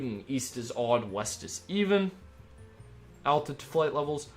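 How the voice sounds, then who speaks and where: A man's voice: mid-range voice, lively intonation, moderate pace. Chatty man working as a tower controller. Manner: chatty and upbeat, rambling asides between clipped controller calls. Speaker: streamer acting as air traffic controller. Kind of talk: live-stream commentary mixed with radio phraseology.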